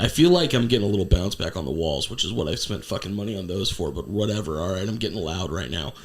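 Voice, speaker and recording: A man hosting a casual podcast from his home studio, sucking on cough drops for a sore throat, talking excitably and swearing as he laughs. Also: low-pitched, fast talker, few pauses. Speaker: podcast co-host.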